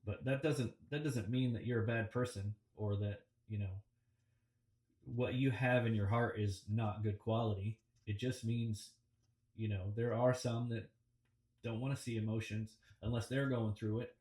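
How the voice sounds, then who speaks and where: A man gives a relaxed, reflective coaching talk about public speaking on a video call, often pausing with ums and restarting his sentences. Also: fairly low pitch. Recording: roomy and distant from the mic.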